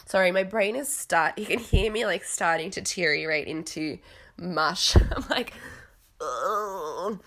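Woman, mixed Australian accent, sharp bright tone, hesitant rambling, fighting a cough. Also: lowish voice, fairly even intonation, moderate pace. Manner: rambling, hesitant, many fillers. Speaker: vlogger. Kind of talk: casual reality TV recap.

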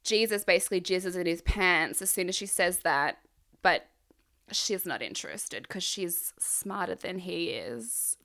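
Slow, sarcastic young woman. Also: on the low side, a bit bright. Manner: irreverent, sarcastic, swears freely. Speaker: recap vlogger. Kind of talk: casual reality-show recap.

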